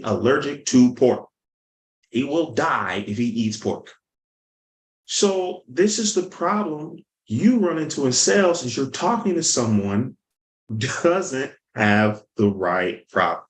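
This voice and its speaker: A man giving an energetic sales lesson, telling stories and acting out the people in them. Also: mid-range voice, reverberant, low-quality recording. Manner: energetic, storytelling, acts out quotes. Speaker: sales coach. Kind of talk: motivational teaching talk.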